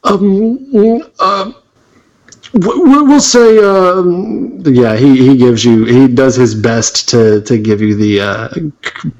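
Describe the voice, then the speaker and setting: An American man narrating as game master for a tabletop game, halting with many restarts. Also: mid-range voice, a little mellow, muffled recording. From United States.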